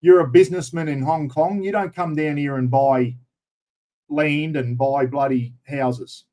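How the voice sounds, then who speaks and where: A man's voice: a little high, steady tone, unhurried, dark tone. Sweary, indignant Australian man. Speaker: livestream host. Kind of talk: livestream political rant.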